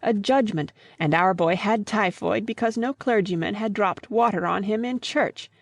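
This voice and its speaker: A woman's voice: medium pitch, normal speed, no echo, close to an everyday voice. A woman reading the part of a grieving old father in an audiobook, earnest and pleading.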